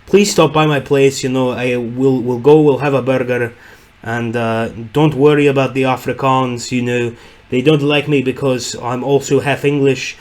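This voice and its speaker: A man's voice: mid-range voice, steady tone, moderate pace, darkish tone, lightly acted. A man putting on a jovial, pushy South African man in his sixties, with a put-on South African accent and a hearty, coaxing manner. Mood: inviting.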